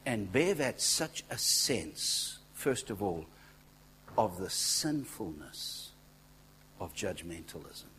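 A man preaching a sermon, telling stories in a conversational way, dropping to near-whispers and then rising to loud exclaiming, with asides to the congregation. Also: deep voice, a little hiss or hum, low-quality recording. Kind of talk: sermon with storytelling.

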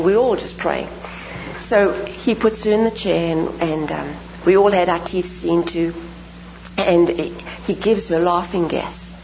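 A woman preaching a sermon, telling stories and praying in an animated, emphatic way with repeated phrases. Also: lowish voice, creaky, background noise. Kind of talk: sermon with storytelling and prayer.

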